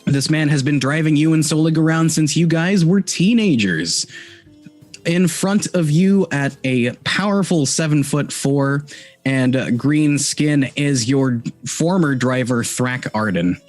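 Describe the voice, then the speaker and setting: A man's voice: on the high side, a little slow, faint music behind. A man narrating as game master of a tabletop game, rambling with many restarts and fillers.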